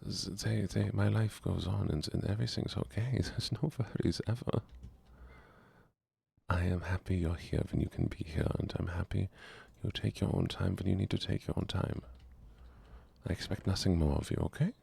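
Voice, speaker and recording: A man streaming a game in a soft-spoken, half-whispered style, chatting gently with viewers in a put-on German accent. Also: sits low, steady tone, normal speed, vocal fry, slightly rough, no echo.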